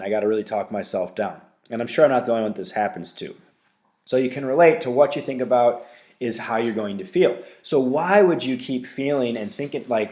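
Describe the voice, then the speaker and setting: A man's voice: medium pitch, a little mellow. A man hosting his own podcast, talking alone in a blunt, profane, ranting way and leaning on fillers and tag questions like "right?". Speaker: podcast host. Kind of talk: casual solo podcast rant.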